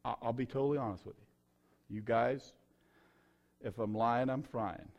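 A middle-aged man, preaching his own testimony in a folksy, emphatic way with sudden loud bursts. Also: mid-range voice, a little slow, creaky, dull audio. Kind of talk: sermon testimony.

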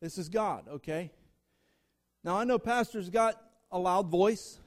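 A man's voice: high voice, measured pace. A man preaching a sermon as a guest speaker to a church congregation. He speaks emphatically, drives his points home in rhythmic lists of short phrases and talks straight to the listeners.

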